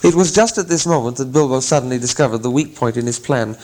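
Man, audiobook narrator, mid-pitched voice, measured, gently wry, storybook reading. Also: low-quality recording. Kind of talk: scripted narration.

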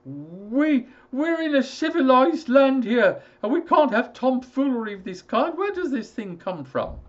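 A man reading a story aloud, voicing a frightened, obstinate older gentleman who stammers and blusters. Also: sing-song, measured pace, dull audio, heavily acted. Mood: blustering. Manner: shrill, stammering outbursts.

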